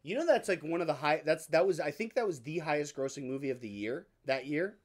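A man's voice: on the high side, animated, fast talker. A man co-hosting a podcast, chatting casually with friends and teasing while giving advice. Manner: joking, teasing, gives advice. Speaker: podcast co-host. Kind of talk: casual chat among friends.

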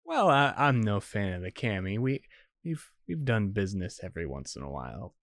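A crude, taunting female vampire gang leader, voiced by a man in his own low register. She sneers and swears at whoever stands before her. The sound is dry and close. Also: sing-song, normal speed, no room sound. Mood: scornful.

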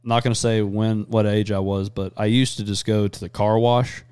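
A man hosting a podcast, chatting casually and crudely, rambling fast between jokes. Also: on the low side, little pitch movement, a little mellow, smooth, no echo. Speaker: podcast host. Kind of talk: casual chat.

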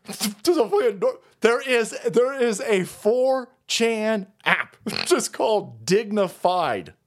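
Lively, high-pitched profane male streamer. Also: takes it slowly. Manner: crude, mocking, laughs often, mimics people in voices. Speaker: streamer host. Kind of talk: profane ranting commentary stream.

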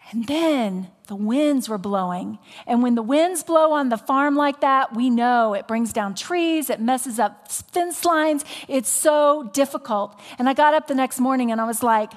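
A woman pastor preaching a sermon, telling a story with animation and dropping into soft, whispered appeals. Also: fairly high pitch, in a large hall. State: recovering from voice loss.

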